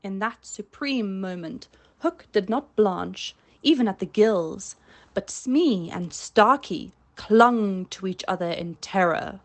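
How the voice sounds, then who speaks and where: Woman narrator, storybook reading, slow, measured, mid-pitched. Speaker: audiobook reader.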